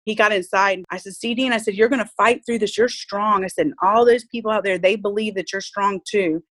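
In an emotional personal interview, a mother talks earnestly about her child's illness, her words heartfelt and full of faith. Her mid-range voice keeps a steady tone and a brisk pace.

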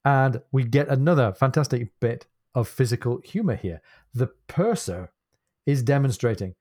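Male co-host, animated reader of literary passages, dry mid-pitched voice. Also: normal speed, dry recording. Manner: animated, reads quotes expressively, laughs easily. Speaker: podcast co-host. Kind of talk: book discussion with read-aloud passages.

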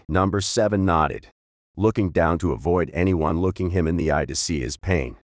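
A male audiobook narrator with a very low, deep voice. He reads in a steady, measured way. The sound is close and dry, with no room echo.

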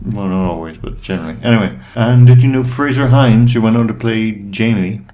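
A man with a fairly low voice chats on a casual podcast. His delivery is sarcastic and teasing, quick to rib his co-host. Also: mellow.

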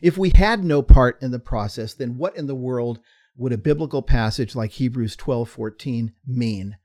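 Measured teacherly male co-host. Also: mid-range voice, darkish tone. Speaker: podcast co-host. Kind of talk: explaining doctrine in conversation.

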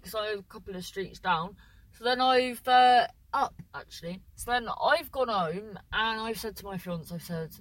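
Bright, rambling woman telling a story. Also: fairly high pitch, expressive, moderate pace, rough recording. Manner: rambling, self-correcting, with lots of "so then"; swears casually, acts out voices in quotes. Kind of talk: casual anecdote.

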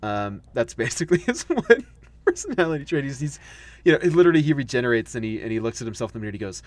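Laughing, animated American podcast co-host. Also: male voice, mid-range voice, fast talker. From United States. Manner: animated, laughs often, acts out quoted voices. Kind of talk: casual chat.

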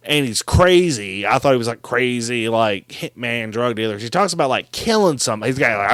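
A man co-hosting a podcast, recapping a movie in animated, swear-filled casual chat. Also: mid-range voice, normal speed, no echo. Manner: animated, swears freely, mimics characters.

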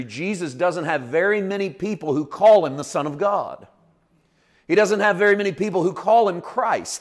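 A man preaching a sermon as pastor, teaching earnestly and building to emphatic points. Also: fairly high pitch. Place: church.

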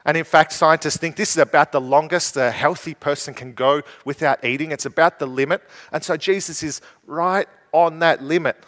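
A man with a slightly high voice preaches a conversational sermon, asking his listeners rhetorical questions. His voice rings with the long reverb of a church hall. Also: moderate pace, hardly any pauses, a bit bright.

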